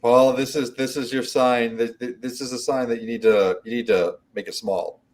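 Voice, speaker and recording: A man's voice: medium pitch, steady tone, normal speed, darkish tone. Meandering man chatting casually. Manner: meandering, repeats words as he thinks. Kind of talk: casual chat.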